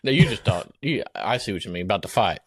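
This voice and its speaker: On a comedic improv podcast, a man plays a dim-witted rural Southern guest, drawling and rambling in a fake accent with giggly asides, clearly amused. His voice is fairly low, lively and quick, bright with a breathy edge, and heavily acted, recorded dry in a clean studio.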